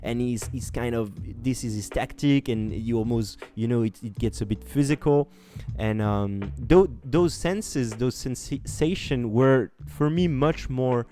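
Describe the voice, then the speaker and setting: A man's voice: mid-range voice, a little slow, warm tone, soft background music. A man with a French accent, a podcast guest telling a story casually, with many fillers and restarts and slips into French. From France. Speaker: podcast guest, competitive gamer.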